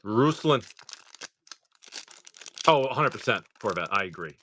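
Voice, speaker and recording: Lively, chatty male stream host. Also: lowish voice, measured pace, a little hiss or hum. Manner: chatty and excitable, talks straight to viewers. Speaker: live-stream card seller and host. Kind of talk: casual live-stream chat while opening packs.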